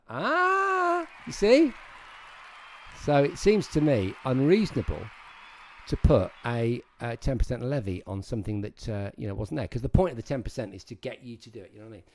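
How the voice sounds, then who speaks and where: Animated man chatting to his stream. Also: mid-range voice. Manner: animated, rambling, talks straight to chat. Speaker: livestream host. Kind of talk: casual livestream chat with viewers.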